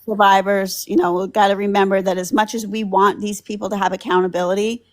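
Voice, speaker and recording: A woman's voice: medium pitch, little pitch movement, quick pace. A woman calls in to a talk show in a mid-range voice. She speaks earnestly and rambles a little. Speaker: caller. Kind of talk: phone-in call.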